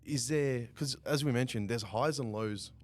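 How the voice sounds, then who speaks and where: A man's voice: mid-range voice, moderate pace, darkish tone. Guy hosting a chill podcast, lots of yeah yeah and mm, just asking stuff casually. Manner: encouraging, lots of short "yeah" and "mm" backchannels. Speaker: podcast host.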